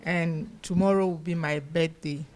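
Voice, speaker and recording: A woman, speaking plainly and in a measured way. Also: deep voice, fairly even intonation, darkish tone. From Ghana. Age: 70s.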